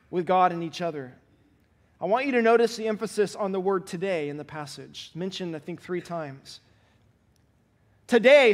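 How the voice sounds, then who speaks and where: High-voiced earnest male preacher. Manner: earnest, emphatic preaching with repeated exhortations. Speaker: pastor. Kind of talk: sermon.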